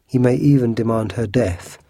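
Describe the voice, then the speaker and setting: A man's voice: mid-range voice, moderate pace, dark tone, husky, dry recording, clean studio sound. A man reading a storybook, voicing an anxious young noblewoman who brings an urgent plea. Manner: pleading, anxious.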